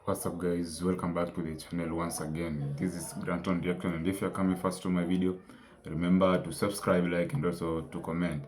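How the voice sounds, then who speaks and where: Deep, flat-voiced male reaction host. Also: fairly quick. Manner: hesitant, with fillers. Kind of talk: video intro to camera.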